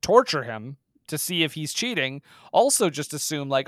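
A man's voice: fairly high pitch, moderate pace, dry recording. Chatty man with a dry close sound. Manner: chatty, animated, many restarts. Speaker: podcast co-host. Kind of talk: casual film discussion.

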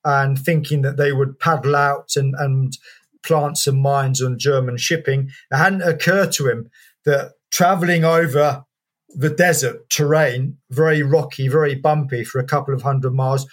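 A man, an author and historian, answering an interview question as a lively anecdotal story with many fillers and restarts. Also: mid-range voice, normal speed.

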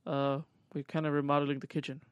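Young man, podcast co-host, slightly high voice, dry close mic, joking, animated. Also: quick pace, smooth, no room sound. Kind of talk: casual chat.

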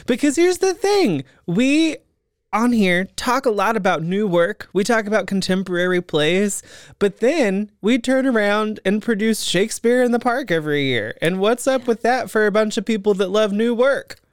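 Young male podcast host, smooth clear voice, dry close sound, playful and chatty. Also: high voice, animated, moderate pace, no echo. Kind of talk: casual chat.

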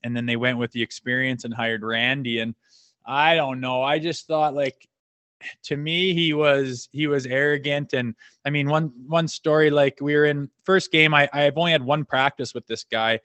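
A man, a former hockey enforcer, telling profane, animated stories on a podcast, acting out what others said. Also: mid-range voice, normal speed, no room sound. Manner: profane, animated anecdotes acting out quoted dialogue. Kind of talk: casual storytelling chat.

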